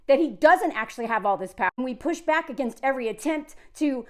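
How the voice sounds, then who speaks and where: Chatty woman, high voice. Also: animated, quick pace. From Southern United States. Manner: chatty, digressive, emphatic. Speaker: video creator. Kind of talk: casual talking-head commentary.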